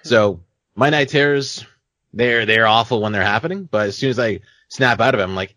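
A young man co-hosting a casual podcast, telling stories with lots of swearing and acting out his own panicked shouts. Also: lowish voice, normal speed, no echo. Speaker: podcast co-host.

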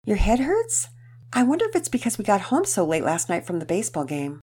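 A woman putting on a bubbly high-voiced mom. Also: wildly swooping pitch, brisk, warm tone, husky. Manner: bubbly and exclaiming. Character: cheerful motherly woman cooking breakfast.

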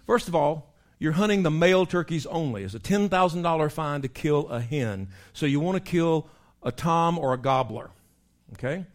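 A man, a pastor preaching in a folksy, animated storytelling way, breaking into animal call imitations. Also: fairly high pitch, moderate pace.

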